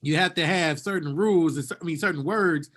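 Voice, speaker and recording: Lively, high-voiced man chatting. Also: a little fast. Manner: animated, laughs often. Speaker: podcast co-host. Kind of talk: casual chat.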